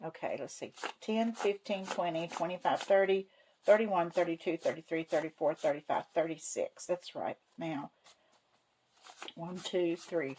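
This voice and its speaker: A woman's voice: on the low side, a little mellow, slight background noise, rough recording. A woman hosting a savings vlog, chatting in a folksy, homey way and counting money aloud to herself. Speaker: savings channel host. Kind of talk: casual cash-stuffing vlog narration.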